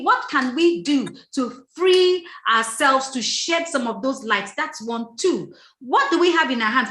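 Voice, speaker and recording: A woman's voice: high-pitched, bright, forceful tone, echoey room. A woman hosting a casual panel chat, often stumbling and repeating words as she starts her thoughts. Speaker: podcast host.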